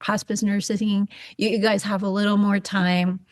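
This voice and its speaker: A woman guest who works as an end-of-life doula, answering in a gentle, reflective way. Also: mid-range voice, level tone, moderate pace, dry recording, studio quality. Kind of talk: interview answers.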